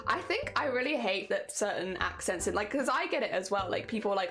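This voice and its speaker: A woman's voice: medium pitch, big pitch swings, a little fast, few pauses, fairly bright tone, soft background music. A woman with an English accent, chatting casually with her viewers while she crafts and laughing often. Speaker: craft streamer.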